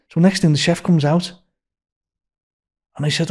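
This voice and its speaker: An older man with a Liverpool accent, telling a rambling story as a podcast guest and raising his pitch for quoted voices. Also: fairly even intonation, normal speed, pauses often, darkish tone. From Liverpool, England.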